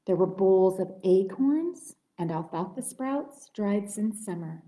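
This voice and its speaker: A woman librarian reading a picture book aloud to children at story time. Her delivery is gentle and expressive, at a medium pitch. The recording has the echo of a roomy library space. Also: slow, few pauses. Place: public library room. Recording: roomy echoey room.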